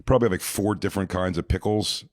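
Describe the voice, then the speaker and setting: Low-voiced man riffing on a dry mic. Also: steady tone, fast talker, no room sound. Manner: riffing, jumps into silly bits and put-on voices. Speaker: podcast comedian. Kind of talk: casual chat.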